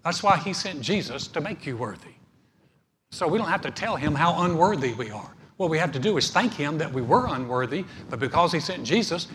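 A male pastor preaching a sermon in a church hall, animated, acting out little scenes as he teaches. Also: a little high, a little fast. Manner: animated, acts out dialogue. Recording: echoey hall, faint noise.

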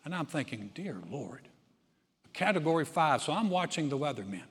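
Pastor preaching in a reverberant hall. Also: male voice, fairly high pitch, fast, husky. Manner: animated storytelling, acts out voices, swings from loud to hushed. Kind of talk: sermon. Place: large church sanctuary.

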